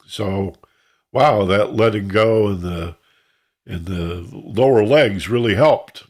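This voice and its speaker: A man's voice: fairly low pitch, unhurried, darkish tone. A man teaching an online class, explaining in a rambling way and imitating sounds to make his points, heard over a video call. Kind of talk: informal online class talk.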